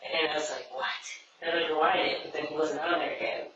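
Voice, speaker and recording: A man's voice: on the high side, level tone, a little fast, background noise. A man on a podcast, casually retelling a nightmare in a rambling way, quoting people with lots of "he's like". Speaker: podcast co-host. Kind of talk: casual storytelling. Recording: distant, dull, very echoey room.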